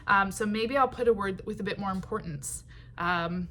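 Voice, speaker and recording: A woman teaching songwriting in a patient, unhurried way, with many ums and short sung phrases. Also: mid-range voice, pushed and bright, a little hiss or hum.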